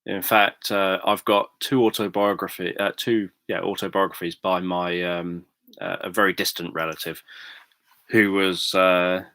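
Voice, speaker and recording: A British man chatting calmly on a livestream, explaining things in a measured, thoughtful way with frequent pauses and ums. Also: low-pitched, no room sound. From Britain. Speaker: livestream host, sleep story narrator. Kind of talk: casual livestream chat.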